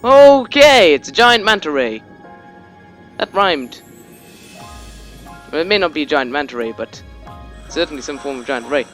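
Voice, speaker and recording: A young man in casual let's-play commentary, rambling and joking as he plays. His voice sits a bit high, and he swears freely. Faint game music runs behind him. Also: lively intonation, a little slow, long pauses, fairly bright tone.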